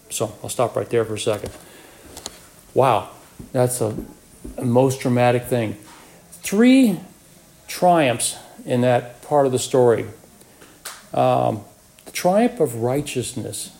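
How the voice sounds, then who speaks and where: A man's voice: mid-range voice, very animated, slow pace, gravelly, pauses often, warm tone. A man teaching a Bible passage in sermon style, reading scripture aloud and then retelling it as a story, acting out the characters' voices. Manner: storytelling, acts out the brothers' voices.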